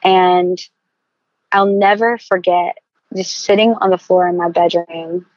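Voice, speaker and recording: A middle-aged woman, a podcast guest, telling her story in a candid, animated way. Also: fairly low pitch, unhurried, dry recording, muffled recording. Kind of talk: casual interview storytelling.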